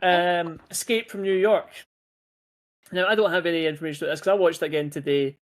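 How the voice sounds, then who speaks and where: A man's voice: sits high, steady tone, a little fast. A man hosting a podcast over a video call, rambling casually through film trivia and swearing freely. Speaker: podcast host. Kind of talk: casual chat.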